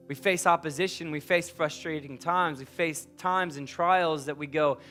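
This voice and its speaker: A man with a high, light voice preaches from a church stage, swinging between loud rallying lines and hushed, confiding stretches. Soft music sits faintly underneath. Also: steady tone, normal speed, hardly any pauses. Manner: emphatic, swinging from loud urging to quiet intimate tones. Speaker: pastor. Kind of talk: sermon.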